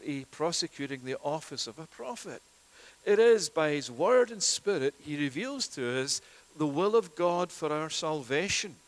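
A man preaching a sermon, earnest and emphatic, repeating key phrases for stress and dropping low on solemn lines. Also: fairly bright tone.

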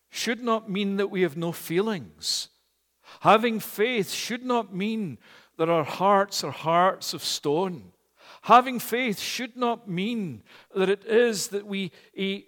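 Middle-aged pastor, male, high voice, measured emphatic sermon delivery, church hall reverb. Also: fairly bright tone. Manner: slow, emphatic preaching with repeated phrases.

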